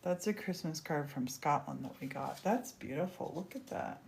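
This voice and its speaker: A woman's voice: low-pitched, expressive, moderate pace, creaky, a little mellow, slight background noise. A woman hosting a casual crafting demonstration, chatty and gushing as she works. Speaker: craft host.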